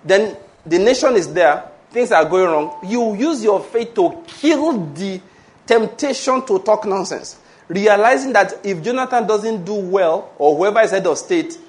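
Nigerian pastor guy preaching, high voice, keeps asking do you understand, calls for amen. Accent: Nigerian English. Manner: animated preaching with rhetorical questions and call-and-response. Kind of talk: sermon.

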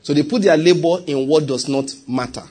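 A man with a Nigerian accent preaches a sermon with animation, laughing asides, and softly acted-out prayers. His pitch is fairly high and he speaks a little fast.

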